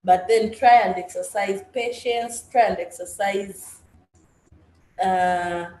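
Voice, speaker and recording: A woman's voice: medium pitch, fairly even intonation, slow pace, a little mellow. A woman moderating a coaching session and interpreting, switching between English and Swahili and often restarting her sentences. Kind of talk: workshop moderation. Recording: echoey room with faint ambience.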